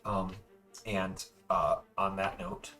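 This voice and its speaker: Male game master, bright voice, animated, faint music underneath. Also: deep voice, slow. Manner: animated, jumps into loud character voices. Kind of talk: narrating a tabletop game, voicing characters.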